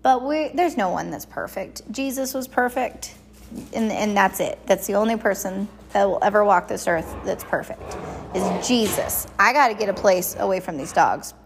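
A woman's voice: medium pitch, normal speed, creaky, slight background noise. A middle-aged woman chatting in a rambling, casual monologue as a podcast host. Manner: chatty, rambling, animated quoted voices.

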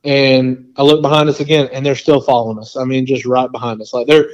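Male podcast guest, mid-pitched, casual storyteller who rambles with lots of fillers, slightly muffled audio. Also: brisk. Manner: rambling and animated, full of "like" and quoted asides.

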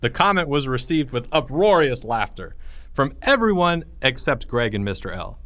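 An author and audiobook reader with a mid-range voice narrates his own children's storybook at normal speed. He reads expressively from a script and performs each character in turn, with no room sound in the recording.

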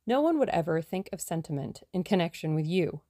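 A woman's voice: lowish voice, big pitch swings, a little fast, dark tone, no room sound. A woman voicing a dry-witted young man.

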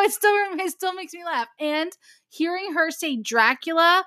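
A woman with a high, bright voice tells a family story in a chatty way, laughing as she goes. Her voice is crisp and sits close on a dry recording. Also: animated, unhurried, dry recording. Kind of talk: casual chat.

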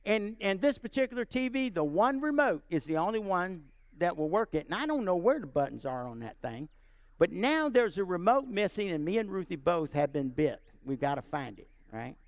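A man preaching and telling a personal story, animated and often checking in with his listeners. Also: high-pitched, moderate pace, no room sound. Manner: animated, asks the audience often. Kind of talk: sermon storytelling.

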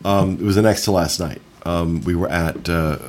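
A man with a fairly low voice hosts a relaxed podcast conversation. He rambles as he talks and leans on ums and uhs to hold the floor. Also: normal speed, a little hiss or hum. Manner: rambling, with many fillers. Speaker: podcast host. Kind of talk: casual chat.

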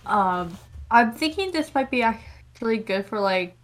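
A woman's voice: on the high side, animated, unhurried. A woman on a casual music podcast who talks hesitantly, with many restarts. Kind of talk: casual album-review chat.

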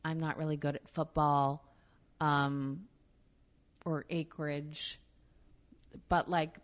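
Low-pitched woman guest, frank storyteller, swears freely, many fillers. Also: level tone, slow. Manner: profane, filler-heavy, candid. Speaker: actress, interview guest. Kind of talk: casual storytelling in an interview.

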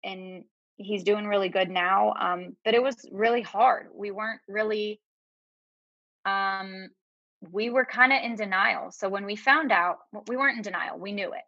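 A woman speaks haltingly and tearfully as a podcast guest. Her voice is mid-pitched and the sound is dry and a little dull. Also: bright, forceful tone, no echo. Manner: tearful, halting, with many fillers and restarts. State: crying at times. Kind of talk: emotional personal conversation.

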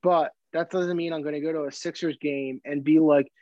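A male podcast co-host talking sports in loose, rambling chat. His voice sits a little high, and he stumbles, restarts and swears as he goes. The recording is dull and dry, with no room sound. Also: fairly even intonation, brisk, no echo. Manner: rambling, many fillers and restarts, swearing freely.

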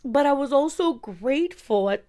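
A woman's voice: high voice, expressive, normal speed, mellow. A woman in her forties from East Los Angeles, telling a personal story as a podcast host in a blunt, profane, casual way. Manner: blunt and profane, talks straight to listeners.

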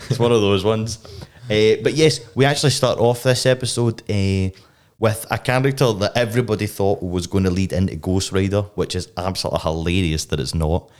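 A young man co-hosting a casual podcast chat, rambling and excitable, full of restarts. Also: fairly low pitch, brisk. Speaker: podcast co-host. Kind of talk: casual chat reviewing a TV episode.

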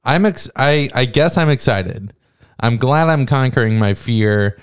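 Slow-talking playful male podcast host. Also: mid-range voice, expressive, clean tone. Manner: playful, rambling, self-aware. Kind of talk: casual chat.

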